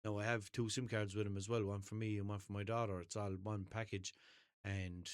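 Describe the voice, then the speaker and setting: A man's voice: fairly low pitch, flat delivery, a little fast, smooth, no echo, clean studio sound. An Irish man hosting his own podcast, rambling cheekily and swearing through an unscripted monologue from a chair at home. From Ireland. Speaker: podcast host. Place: home room, seated in a chair. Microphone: headphones and desk mic.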